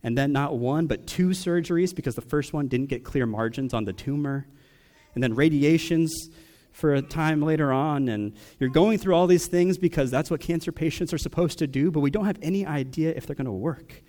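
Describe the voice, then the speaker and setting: A young adult man preaching a personal sermon, asking question after question with long pauses. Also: on the high side, mellow. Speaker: pastor.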